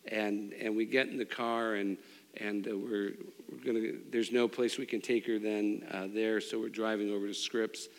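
A middle-aged man preaching a sermon, telling a personal story with restarts and swings between loud and hushed. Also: lowish voice, level tone, normal speed. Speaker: pastor. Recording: long hall reverb.

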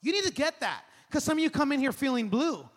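A man in his thirties preaching a sermon as pastor, animated and conversational, calling on the congregation to respond. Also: extremely high pitch, fast. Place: large church hall. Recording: long hall reverb.

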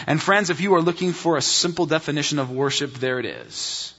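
Bright high-voiced male pastor preaching. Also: lively intonation, brisk, few pauses. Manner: emphatic, repeats key phrases, addresses listeners as friends. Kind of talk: sermon. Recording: dull sound with long hall reverb.

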